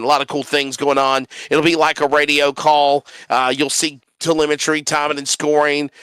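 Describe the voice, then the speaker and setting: A man, a sim racing broadcaster wrapping up a race in animated, sing-song chat. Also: on the high side, smooth, no room sound.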